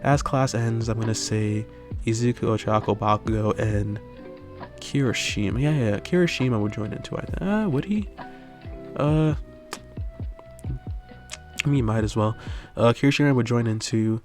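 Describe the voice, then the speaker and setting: A man's voice: lowish voice, moderate pace, pauses often, a little mellow, soft background music. A man improvising a fan story aloud in a rambling way, full of fillers and tag questions. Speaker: channel host.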